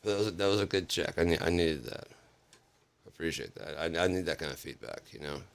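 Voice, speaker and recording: Very deep gravelly man, rambling and profane. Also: brisk. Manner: rambling, profane, restarts often. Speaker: vlog host. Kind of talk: casual storytelling monologue.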